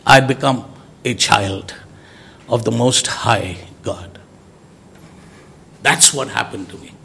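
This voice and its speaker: A man preaching a sermon, emphatic, swinging from loud exclamations to soft low words. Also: slow pace, gravelly, a little hiss or hum.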